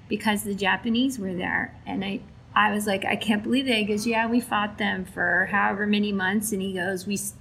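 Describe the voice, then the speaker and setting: Gravelly-voiced woman telling a story. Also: mid-range voice, a little hiss or hum, low-quality recording. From Alaska. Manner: animated retelling with quoted dialogue. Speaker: storyteller for a veterans' flight charity. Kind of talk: casual spoken storytelling.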